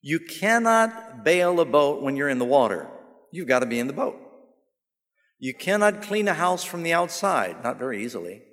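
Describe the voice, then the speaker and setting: Guy preaching a sermon, storytelling and jokes then getting emphatic, big echoey hall. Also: on the high side. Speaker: pastor. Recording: long hall reverb.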